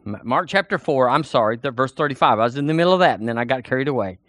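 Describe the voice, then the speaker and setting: Animated preacher man. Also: mid-range voice, very fast, dry recording, studio quality. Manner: animated, folksy, repeats himself, addresses the congregation directly. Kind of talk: sermon.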